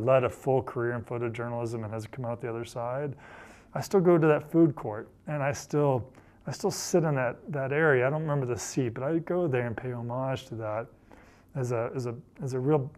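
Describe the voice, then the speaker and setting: A middle-aged man, a photojournalist, telling personal stories in an earnest, reflective way, often repeating phrases as he gathers his thoughts. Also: mid-range voice. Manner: earnest, repeats phrases while thinking, quotes others in passing.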